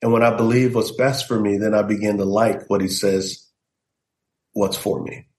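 A man's voice: fairly low pitch, steady tone, normal speed, darkish tone, echoey room. A middle-aged man, a pastor and guest, telling a personal testimony in an earnest storytelling way and acting out the voices he quotes. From United States.

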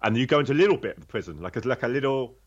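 A man's voice: mid-range voice, lively intonation, very fast, muffled recording. A man telling his own story in a candid, conversational way, blunt and swearing freely, rambling with restarts.

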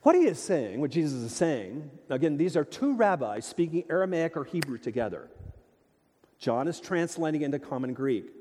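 A man preaching a sermon in a church, emphatic and animated, with rhetorical questions to the congregation. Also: fairly high pitch, moderate pace. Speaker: pastor. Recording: long reverb of a large hall.

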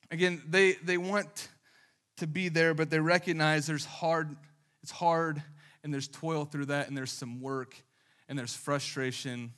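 A pastor delivers a relaxed, conversational sermon and leans on lively anecdotes packed with casual fillers. He speaks in a somewhat high register with a bright, forward edge. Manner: casual, animated storytelling with many fillers.

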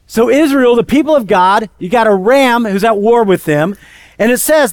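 A male pastor preaching a sermon in a conversational, lively storytelling way. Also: very high voice, moderate pace.

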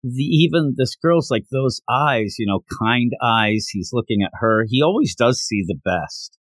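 A man co-hosting a casual manga discussion podcast, retelling scenes in an animated way and acting out the characters' lines. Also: mid-range voice, unhurried, dry recording. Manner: animated retelling with acted-out quotes. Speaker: podcast co-host.

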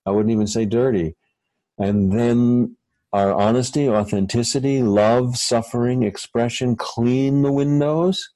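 A man, a guest author, talking reflectively in a halting way with many fillers and restarts. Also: medium pitch, steady tone, warm tone, no room sound, rough recording. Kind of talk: reflective conversational talk.

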